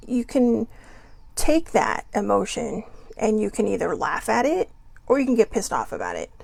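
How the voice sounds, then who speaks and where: Gravelly-voiced woman hosting a casual talk. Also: a little high, no echo. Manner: chatty and self-deprecating, with rhetorical questions. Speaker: host.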